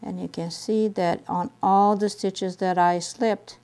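A woman's voice: mid-range voice, steady tone, mellow, clean tone. A woman teaching a knitting stitch step by step, patiently repeating each move as she demonstrates. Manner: patient, repeats steps slowly while demonstrating. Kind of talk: step-by-step craft tutorial.

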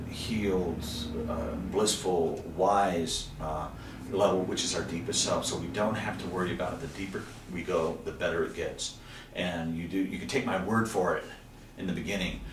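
A middle-aged man from Texas, a guest in an interview, telling about his dreams in an animated way, jumping to high exclamations when he acts out scenes. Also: distant mic. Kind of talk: personal storytelling in an interview. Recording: roomy, from away from the mic, faint background hiss.

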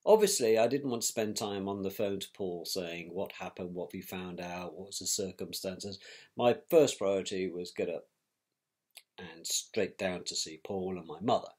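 A middle-aged man, recalling a painful family event in a measured, reflective way with pauses and restarts. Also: low voice, darkish tone. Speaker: interviewee, victim's brother. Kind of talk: personal recollection.

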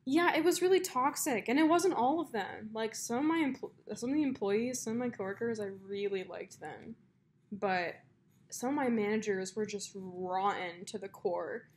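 A woman's voice: on the high side, normal speed, slight background noise. A young woman co-hosting a podcast, telling long stories in a casual chat, with plenty of fillers. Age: young adult. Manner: chatty storyteller, many fillers and likes. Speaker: podcast co-host.

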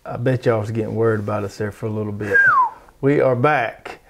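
A man's voice: on the low side, steady tone, brisk, creaky, very noisy. A middle-aged man with a Southern US accent hosting a casual garden show, talking in a folksy, rambling, drawling way. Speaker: show host. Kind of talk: casual chat.

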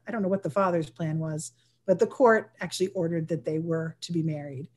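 A woman's voice: sits low, fairly even intonation, a little fast, a little mellow. Woman historian, online talk host, chatty and enthusiastic. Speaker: historian presenter.

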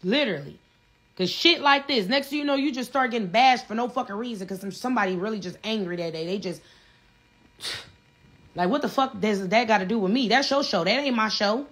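Woman in a livestream rant; slightly high voice, blunt, profane, repetitive. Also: a little fast, a bit bright. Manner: profane, blunt, repeats herself. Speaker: reality show cast member livestreaming.

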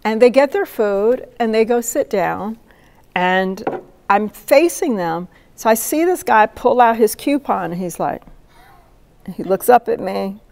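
A woman in her seventies, a poet laureate, telling a lively story to an audience and acting out the voices of the people in it. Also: medium pitch, measured pace, vocal fry. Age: 70s. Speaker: poet laureate giving a talk. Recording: long reverb of a hall.

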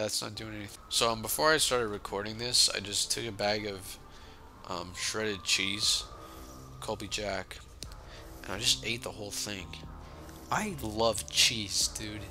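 Joking young man gaming, bright gravelly voice. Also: fairly low pitch. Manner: joking, sarcastic, swings between mumbling and yelling. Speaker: gaming channel host. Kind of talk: casual gameplay commentary.

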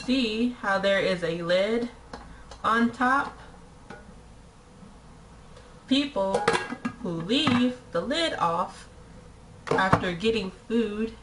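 A woman's voice: mid-range voice, slow pace, background noise. Exasperated young woman vlogging. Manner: exasperated and animated, with many rhetorical questions; frequent "like" fillers. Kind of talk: casual chat to camera.

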